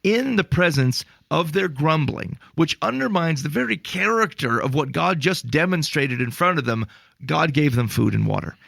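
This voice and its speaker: A man with a gravelly, slightly fried voice talks through stories on a podcast, getting worked up and exasperated as he goes. His delivery is animated and full of restarts and filler words. The sound is dry and close to the mic. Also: a little high, normal speed, no echo. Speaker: podcast co-host. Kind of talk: casual faith podcast discussion.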